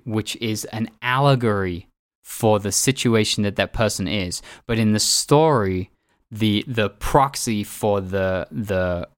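A man's voice: on the low side, no echo, clean studio sound. A man hosting a podcast who tells stories in a reflective, rambling monologue full of restarts. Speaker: podcast host. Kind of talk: casual storytelling monologue.

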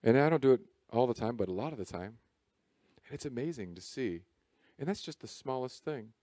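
A male pastor delivers a sermon in a lively, chatty way, dropping jokes as he goes. His voice sits at a mid pitch. The sound is dry, with no room echo. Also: a little fast. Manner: animated, conversational preaching with jokes. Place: church service.

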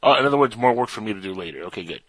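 A man's voice: fairly low pitch, animated, very fast, fairly bright tone, no room sound, low-quality recording. A man hosting a radio show, chatting in a playful, goofy and rambling way. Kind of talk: casual radio banter.

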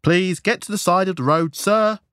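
A man's voice: high voice, drawn-out words, clean tone, dry recording, studio quality, voice pushed up. A man voicing a nervous male police officer ordering someone back from a cordon. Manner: nervous, raised voice.

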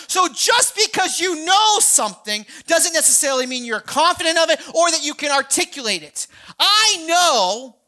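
Bright-voiced woman preaching with rising fervor. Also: sits high. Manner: conversational preaching that builds to shouting; frequent restarts and repeated words. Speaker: pastor. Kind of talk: sermon.

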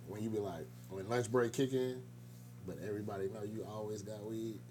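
A man's voice: lowish voice, steady tone, a little fast, mellow, slight background noise. A man co-hosting a casual podcast, telling blunt, profane stories about work. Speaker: podcast co-host. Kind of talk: casual chat.

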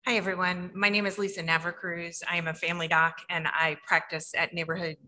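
A woman family doctor talks candidly and casually on a panel, using lots of "like". Her voice is bright and forceful, though lowish in pitch. It rings out with a long reverb in a large hall. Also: level tone, a little fast. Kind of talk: panel discussion.

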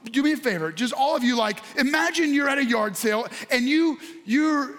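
A pastor delivers a sermon in a strikingly high male voice. He talks straight to the people in front of him and to those watching online, and often breaks into excited, shouted bursts. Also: moderate pace, hardly any pauses. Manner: addresses congregation and online viewers directly.

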